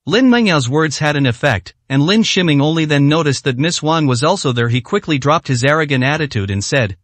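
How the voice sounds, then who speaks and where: A man narrating a serialized web novel aloud with an even, steady read and the odd slip. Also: a little high, fairly quick, hardly any pauses, no room sound. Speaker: audiobook narrator.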